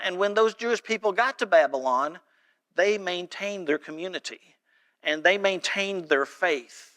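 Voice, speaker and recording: A man preaching a sermon in a church, telling stories and reading scripture aloud with animated delivery. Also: high voice. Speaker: pastor. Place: church sanctuary.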